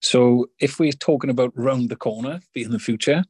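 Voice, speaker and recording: Husky supportive male podcast host. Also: medium pitch, moderate pace, a little mellow, no echo. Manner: supportive, asks long winding questions. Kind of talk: conversational interview.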